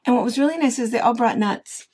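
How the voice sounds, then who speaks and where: A woman's voice: on the high side, quick pace. A middle-aged woman co-hosting a casual chat, rambling and telling stories with many restarts. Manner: chatty, rambling, warm storytelling with restarts. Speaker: co-host of a quilting shop chat show.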